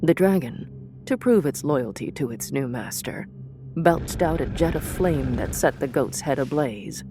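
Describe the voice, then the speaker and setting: A woman narrating a fantasy story in a measured, deliberate way. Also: extremely low pitch, lively intonation, over music. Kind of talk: audiobook narration of a fantasy serial.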